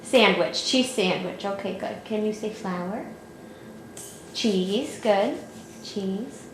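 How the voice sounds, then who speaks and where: A woman's voice: medium pitch, slow pace. A woman patiently coaxing her toddler to say words at home, asking the same short questions again and again in a sing-song way. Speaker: parent filming her toddler. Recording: echoey room with faint background hiss.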